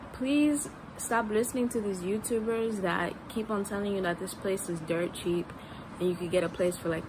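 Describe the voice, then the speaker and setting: A woman from the United States talking straight to camera in a casual, frank vlog, filling gaps with "like". Her voice is mid-pitched, and clear street noise with passing vehicles runs behind her. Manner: frank, fills with "like". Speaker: vlogger.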